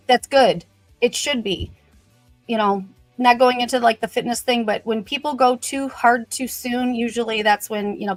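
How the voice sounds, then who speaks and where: With a medium-pitched voice and no echo in the recording, this woman runs a brand livestream. Her tone is upbeat and casual as she welcomes viewers, often slipping in "you know."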